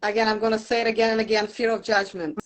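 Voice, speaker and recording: A woman's voice: a little high, little pitch movement, fast talker, low-quality recording. A woman speaking as a Reiki teacher and guest in casual, earnest conversation from her home studio. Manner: warm, earnest, softly emphatic. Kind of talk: casual interview chat.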